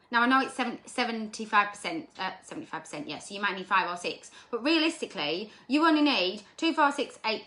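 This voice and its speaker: A woman giving an energetic motivational talk to her sales team, repeating points and checking in with "okay?". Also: medium pitch.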